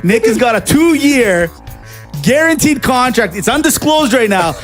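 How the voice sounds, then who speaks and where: A man's voice: very high voice, measured pace, soft background music. A man co-hosting a sports podcast, trading jokes and echoing his co-host in casual banter. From Canada. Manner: animated, jokey, echoes his co-host.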